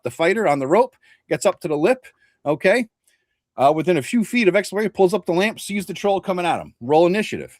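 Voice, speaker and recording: A middle-aged man, a regular host and game master, telling a story in casual chat, swearing often and switching into animated quoted voices. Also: a little high, no room sound, clean studio sound.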